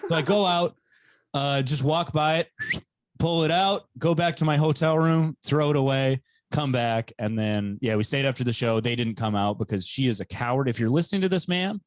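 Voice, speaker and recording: A man's voice: medium pitch, moderate pace, no room sound. Heated storytelling young man, dry sound. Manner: animated storytelling, swears freely, gets heated and loud. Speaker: podcast co-host and stand-up comedian. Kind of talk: casual chat, storytelling.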